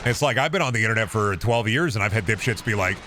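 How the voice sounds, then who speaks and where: A man in his thirties with a deep voice, chatting casually on a stream into a boom mic, rambling with many restarts and casual swearing. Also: animated, quick pace, noisy background. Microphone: boom microphone with compressor and EQ.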